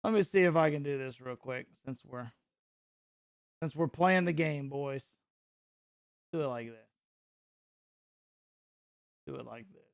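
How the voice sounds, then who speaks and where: A middle-aged man from North Carolina hosting a casual live reaction stream, joking and mocking his chat with excitable banter. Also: medium pitch, a little slow, vocal fry, pauses often, dry recording, highs cut off.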